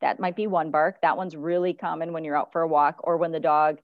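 A woman dog trainer giving advice in a podcast chat, animated, acting out what dogs might be thinking. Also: a little fast, no echo, narrow, tinny audio. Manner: animated, acts out dogs' thoughts in high voices.

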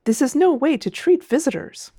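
A woman voicing a cheerful, pompous male spaceship captain in an audiobook reading, speaking slowly and loudly with overly hearty emphasis. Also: high-pitched, expressive, dry recording, studio quality, pitched above the performer's own voice. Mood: indignant.

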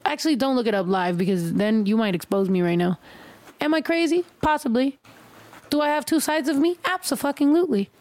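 A woman hosting a casual livestream chat, talking in an animated, joking and heavily profane way. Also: high-pitched, brisk. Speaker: livestream host.

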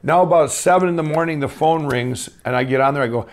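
A middle-aged man telling his life story as a guest, rambling and animated, full of fillers and restarts. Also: mid-range voice, fast. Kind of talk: casual storytelling.

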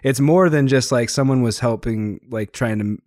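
A man hosting a podcast, asking questions in a relaxed, casual way. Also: mid-range voice, normal speed, dry recording, clean studio sound. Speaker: podcast host. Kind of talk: casual interview chat.

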